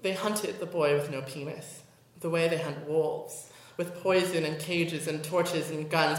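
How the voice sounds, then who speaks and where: A woman performing her spoken word poetry at a college venue, intense and rhythmic, building repeated chants to loud peaks. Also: low-pitched, fairly even intonation, measured pace. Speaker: performance poet. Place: college venue before a live audience. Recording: echoey room.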